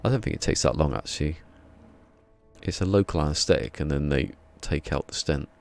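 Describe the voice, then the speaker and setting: A man's voice: extremely low pitch, fairly quick, creaky, a little mellow, slight background noise. A man with an English accent chatting casually on a live stream, rambling and chuckling as he reads the chat, a little drowsy. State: a bit drowsy.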